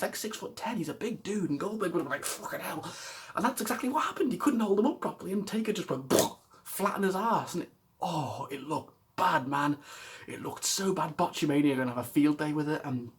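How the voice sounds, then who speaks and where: Rambling exasperated man vlogging. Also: on the high side. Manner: rambling, exasperated, swears and laughs often. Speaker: wrestling vlogger. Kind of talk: casual reaction vlog.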